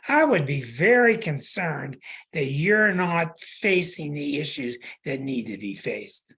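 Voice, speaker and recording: Man, astrologer host, call-in chart reading, husky, very animated pitch, emphatic and repetitive. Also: slow. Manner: emphatic, repetitive, plain-spoken.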